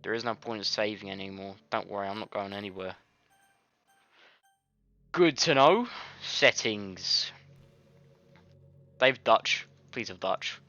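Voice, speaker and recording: A man's voice: on the low side, measured pace, pauses often, bright, forceful tone, no room sound, muffled recording. A man recording casual game commentary at his home studio, rambling, swearing and easily frustrated. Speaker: gaming video creator. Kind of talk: casual let's-play commentary.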